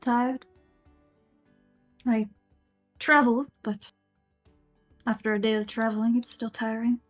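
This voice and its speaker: A woman speaking in character at a tabletop game, calm and matter-of-fact. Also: on the high side, unhurried, faint music behind. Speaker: player.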